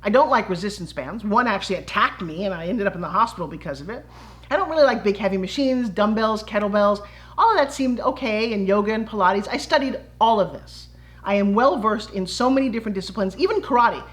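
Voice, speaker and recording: A middle-aged woman, a fitness entrepreneur, telling her personal story to camera in a lively way and acting out the quoted voices. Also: medium pitch, fast. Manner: animated, acts out quoted voices.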